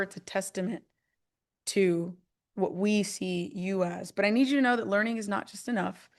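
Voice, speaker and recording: A woman hosting a live call, delivering an excited sales pitch for a trading program and repeating her phrases for emphasis. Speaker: host presenting a trading program.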